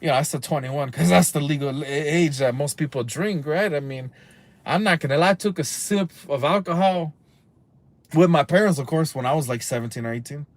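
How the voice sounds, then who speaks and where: A man's voice: on the high side, fairly quick, no room sound. A man of about thirty, ranting casually on a live stream from inside a car, heated and profane, rambling and mixing in Spanish slang. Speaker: livestream host.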